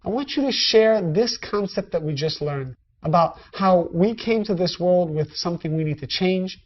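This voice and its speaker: A woman's voice: fairly low pitch, animated, moderate pace, highs cut off. A woman teaching a spiritual lesson in a conversational style, speaking directly to her listeners. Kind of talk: recorded lecture.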